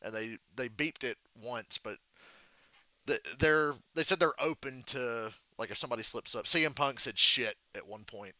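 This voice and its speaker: A man's voice: mid-range voice, normal speed, bright, forceful tone, no echo. A man hosting a casual live reaction to a football game, telling stories in a loose, profane, laughing way.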